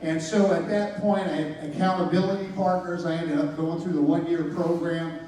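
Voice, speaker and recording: A man's voice: fairly high pitch, flat delivery, normal speed, mellow. A man giving a personal testimony, casual and slangy, acting out the dialogue as he tells it. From United States. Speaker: testimony speaker. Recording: echoey hall, voice from far off.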